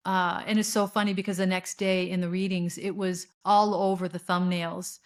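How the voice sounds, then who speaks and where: A woman's voice: medium pitch, steady tone, a little fast, few pauses. A middle-aged woman hosting a spiritual podcast, talking in an earnest, rambling way with fillers and restarts. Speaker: podcast host. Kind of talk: spiritual monologue.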